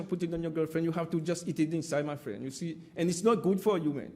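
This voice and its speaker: A man's dark-toned, fairly high voice races along with few pauses as he gives impassioned testimony at an inquiry. Emphatic and repetitive, he often calls the panel "my friend."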